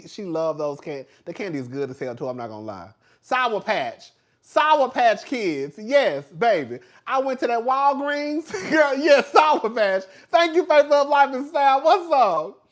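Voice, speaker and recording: A man hosting a casual livestream, chatty and animated, laughing often, with slang and swearing. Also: extremely high pitch. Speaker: host.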